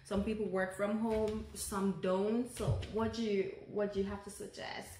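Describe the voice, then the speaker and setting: A woman's voice: mid-range voice, level tone, normal speed, mellow. A woman co-hosting a casual podcast chat, talkative and laughing often. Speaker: podcast co-host. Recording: echoey room with faint noise.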